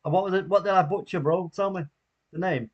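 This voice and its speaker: A man with a high-sitting voice hosts a live football watchalong, talking fast in relaxed stream chatter. He laughs a lot and reads viewers' comments aloud, and the audio sounds lo-fi.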